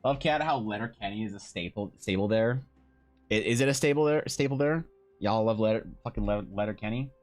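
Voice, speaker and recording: A man's voice: on the low side, quick pace, faint music behind. A man chatting casually on a live stream while drawing, joking and swearing with self-mocking humor.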